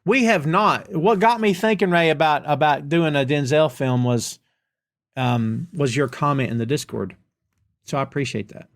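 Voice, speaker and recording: A man's voice: a little high, normal speed. A man with a Southern US accent hosting a live question-and-answer podcast. He rants emphatically and casually, repeating lines for effect. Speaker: podcast host.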